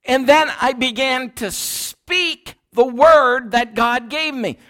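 A man's voice: very high-pitched, slow, pushed and bright. A man preaching a sermon in a church, emphatic and repetitive, calling the congregation to repeat after him. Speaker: pastor.

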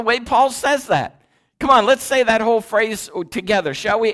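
A man's voice: extremely high pitch, lively intonation, moderate pace, fairly bright tone. A man preaching a sermon in a church, emphatic and repetitive, calling the congregation to repeat after him. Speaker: pastor.

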